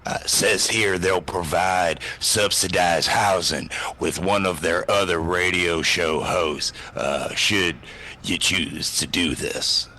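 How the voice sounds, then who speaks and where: A blunt, rude immigration officer, played by a man who reads out paperwork. His voice is very low and bright-edged, and he speaks slowly and flatly. A faint hiss sits behind him. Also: heavily acted. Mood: officious.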